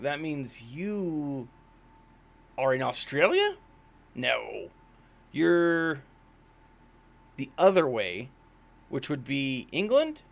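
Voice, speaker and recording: A man's voice: medium pitch, vocal fry. A man casually commenting on a mobile game during a live stream, rambling and self-deprecating, with lots of fillers. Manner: chatty, rambling, with many fillers.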